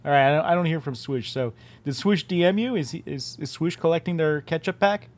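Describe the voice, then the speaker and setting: A man's voice: on the high side, brisk. Streamer host, male, casual and loose, restarts and repeats mid-sentence. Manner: chatty, self-interrupting, repeats words. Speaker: game studio head hosting a stream. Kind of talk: casual live-stream chat.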